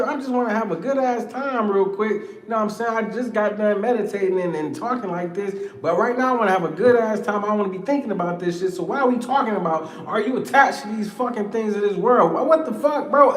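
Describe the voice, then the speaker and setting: A man in his thirties talking in a casual, profane monologue, animated and slangy, often laughing as he rants. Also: extremely high pitch. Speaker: podcast host. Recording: echoey room with long reverb.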